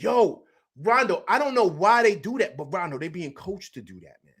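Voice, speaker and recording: A man's voice: sits high, very animated, normal speed, a bit bright, husky. A man hosting a live stream, chatting casually in slang, repeating himself and answering viewers from the chat. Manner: loose slangy talk, repeats himself, reads chat aloud.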